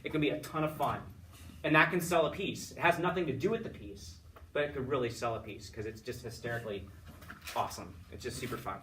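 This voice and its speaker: A man's voice: mid-range voice, fast talker, a bit bright, far from the mic, slight background noise. A man giving a student chatty, upbeat feedback after a choral conducting lesson, with lots of fillers and restarts. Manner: sings solfege and chants rhythm words to demonstrate.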